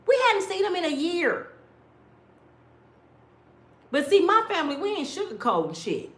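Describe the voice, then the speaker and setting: A middle-aged woman telling stories in a blunt, animated way, sometimes mimicking other people's voices. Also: extremely high pitch, moderate pace, reverberant. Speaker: storyteller. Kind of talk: casual storytelling rant.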